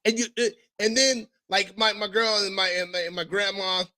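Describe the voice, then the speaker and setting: High, bright-voiced animated man. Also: normal speed. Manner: animated storytelling, profane, mimics others. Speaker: podcast host; father. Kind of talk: casual podcast chat.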